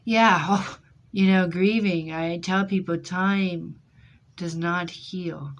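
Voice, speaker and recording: A woman who reads tarot, casually telling stories to an audience in an animated, joking way and laughing often. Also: fairly low pitch, slow, dull audio. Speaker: tarot reader.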